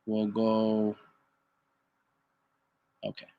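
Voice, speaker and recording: This streamer's voice is fairly low and monotone, his words drawn out, as he offers heated, profane boxing commentary. He reads chat comments out loud and argues right back at them. The audio sounds dull and the background is noisy.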